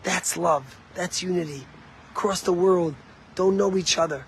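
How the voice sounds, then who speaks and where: Man, rabbi, sermon; fairly high-pitched, impassioned, climbs to emphatic peaks. Faint room hum and passing traffic under the voice. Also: unhurried, poor audio. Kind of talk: sermon with storytelling.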